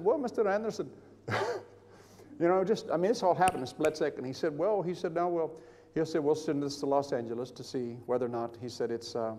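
An older man preaching, telling a personal story with animated, chuckling delivery and acting out the voices of others in his account. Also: fairly high pitch, big-room sound. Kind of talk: sermon testimony.

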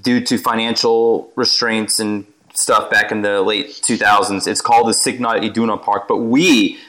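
A man hosting a casual football podcast, asking his guests halting questions. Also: fairly low pitch, fairly even intonation, sharp tone. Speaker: podcast host.

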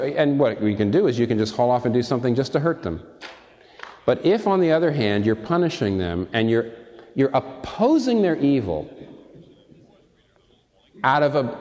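A man's voice: mid-range voice, a little mellow. A man preaching a sermon, emphatic and given to repeating key words for stress. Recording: long hall reverb.

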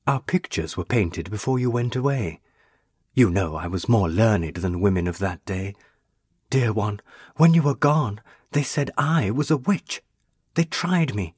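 A man voicing a young female ghost, a burned witch, speaking in a pleading, tender and intense way with a husky voice. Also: lowish voice, unhurried, darkish tone, dry recording, studio quality.

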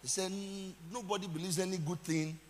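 A man's voice: high-pitched, steady tone, fairly quick, big-room sound. A man with a Nigerian accent, a pastor preaching a sermon with dramatic emphasis and calls out to the congregation.

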